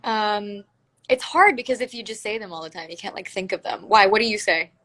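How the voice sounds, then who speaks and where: A woman's voice: medium pitch, brisk, a bit bright. A woman chatting casually as a guest on a phone livestream, gushing and giggly, full of "like" fillers.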